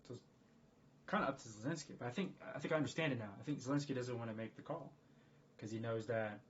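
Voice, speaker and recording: A man talking casually on a livestream in a rambling, profane, excitable way. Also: medium pitch, slight background noise. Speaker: streamer. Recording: dull lo-fi stream audio.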